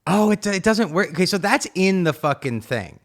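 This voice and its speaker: A man's voice: high voice, expressive, normal speed. A man hosting a casual reaction stream, talking bluntly with lots of swearing and filler words. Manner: profane, emphatic, rambling with many fillers. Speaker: streamer host.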